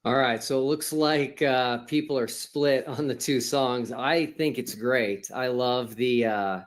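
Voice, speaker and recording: A man hosting a show in a relaxed, casual way, pausing with hesitant fillers. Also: mid-range voice. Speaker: show host.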